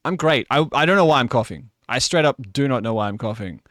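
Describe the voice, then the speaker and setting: Male streamer, under the weather, lively up-and-down chatter, dry sound. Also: mid-range voice, quick pace, no echo. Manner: joking, teasing, chatty with chat. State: sick, coughing. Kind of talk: casual live-stream chat.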